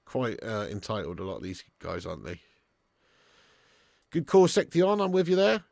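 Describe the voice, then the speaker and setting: A man's voice: fairly low pitch, wildly swooping pitch, moderate pace, creaky, darkish tone, no room sound, clean studio sound. A man hosting a live football watch-along, talking in sweary, laddish banter and laughing often as he commentates and chats with viewers. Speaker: live stream host.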